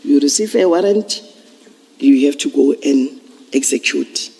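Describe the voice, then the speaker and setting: Gravelly-voiced police witness. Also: male voice, on the high side, a little mellow. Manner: measured, explanatory, hesitant restarts. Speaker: police officer testifying as witness. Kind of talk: formal testimony at a commission hearing. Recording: long reverb of a large hearing room.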